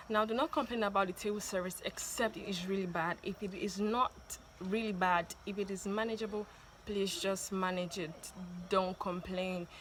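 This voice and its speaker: A woman's voice: mid-range voice, a little hiss or hum. A woman vlogger talking to camera, giving first-date advice in a chatty, insistent way and often adding "okay?" and "please". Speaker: vlogger giving dating tips.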